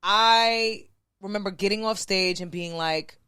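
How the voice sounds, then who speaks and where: A woman's voice: medium pitch, a little slow, smooth, no echo, studio quality. A woman in her thirties from New York City, telling stories casually as a podcast guest and acting out what other people said. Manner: animated, acts out quoted voices of others. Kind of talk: casual storytelling chat.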